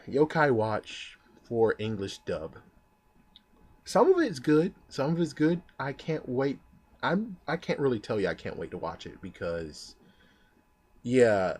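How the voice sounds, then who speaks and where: A young man giving an excitable, swearing commentary about an anime dub in a casual vlog. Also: lowish voice. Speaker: anime vlogger.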